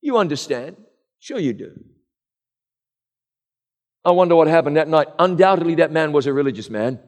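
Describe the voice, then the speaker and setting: Middle-aged male preacher, earnest rhetorical sermon, slightly high voice, long hall echo. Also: animated, moderate pace. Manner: rhetorical, earnest, direct address.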